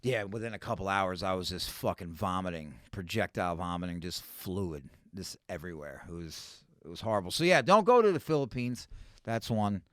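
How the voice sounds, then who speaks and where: Blunt, profane Brooklyn man, lively. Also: sits low, fairly quick, no room sound, studio quality. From Brooklyn, New York. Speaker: guest comedian. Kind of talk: casual podcast chat.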